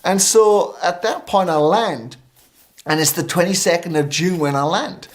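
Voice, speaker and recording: Speaking at a measured pace in a high-pitched voice, this middle-aged minister is a talk show guest telling a story. His anecdotal delivery is lively but riddled with fillers and restarts.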